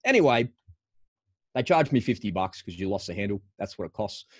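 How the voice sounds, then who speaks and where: A man's voice: fairly low pitch, very animated, brisk, breathy edge, no room sound. A middle-aged man and former paratrooper telling a personal story frankly as a podcast guest, often restarting his phrases. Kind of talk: candid storytelling in a podcast interview.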